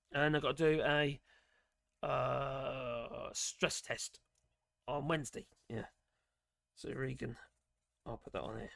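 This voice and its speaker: A man's voice: medium pitch, creaky, bright, forceful tone, dry recording, clean studio sound. A man hosting a casual live stream, chatting in a rambling way and reading out chat messages while losing his voice.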